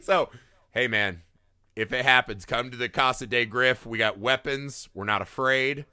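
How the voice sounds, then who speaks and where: Bright, animated, swearing podcast man. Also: mid-range voice, normal speed, smooth, no echo, clean studio sound. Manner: animated storyteller, swears a lot, keeps asking "right?". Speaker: podcast co-host. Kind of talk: casual film podcast chat.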